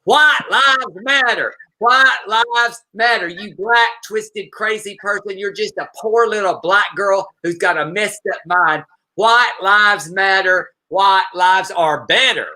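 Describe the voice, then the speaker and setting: A man mimicking a shrill Southern woman jeering. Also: lively intonation, slow, pushed and bright, exaggerated voice, rough recording. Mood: chanting. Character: furious redneck woman screaming insults. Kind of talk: mocking impression in a talk show.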